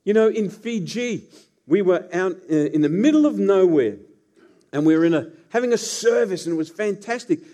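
A man's voice: high voice, lively intonation, moderate pace, mellow. A man preaching a sermon as pastor, telling the story with playful asides to the congregation.

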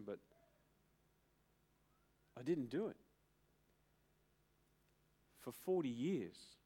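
A middle-aged man preaching a sermon as pastor, emphatic, with dramatic pauses and build-ups. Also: mid-range voice, a little mellow, breathy edge.

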